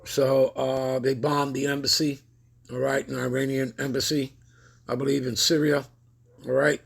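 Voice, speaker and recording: A man preaches over news commentary, reading scripture aloud with rising emphasis and constantly checking in with listeners through tag questions like "all right?" and "okay?". His medium-pitched voice is gravelly with a breathy edge, with little pitch movement at a moderate pace.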